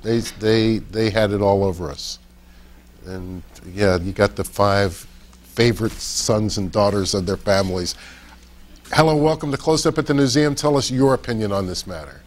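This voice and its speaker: A man hosting a student forum, calling on students and reading out poll questions in a friendly, brisk way. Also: mid-range voice. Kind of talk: hosting an audience Q&A.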